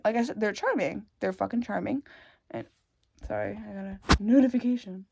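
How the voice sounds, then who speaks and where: A young woman telling her own story in a casual, rambling way, swearing often, breaking off mid-thought and adding wry dark humor. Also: mid-range voice, moderate pace, creaky, very noisy. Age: young adult. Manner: rambling and frank, swears often, self-interrupting.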